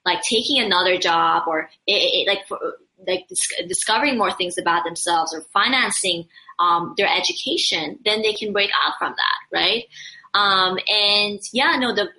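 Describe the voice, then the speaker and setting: A woman's voice: mid-range voice, expressive, normal speed, pushed and bright, poor audio. A woman speaking earnestly and at length in a casual conversation, with frequent fillers and repeated starts.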